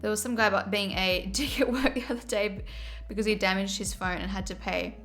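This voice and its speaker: A woman chatting casually on a livestream, animated and quick to laugh. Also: medium pitch, faint music behind. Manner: chatty, giggly, animated storyteller.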